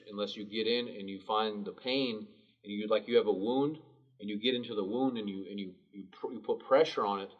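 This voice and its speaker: A man giving a sales training talk in a calm, low late-night DJ manner. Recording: distant mic, dull sound.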